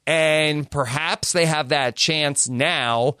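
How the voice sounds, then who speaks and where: A man hosting a casual podcast discussion, leading with questions and pausing often with "uh". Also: fairly high pitch, bright, forceful tone, clear, resonant tone, no echo, clean studio sound. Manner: leads with questions, many "uh" fillers. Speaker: podcast host.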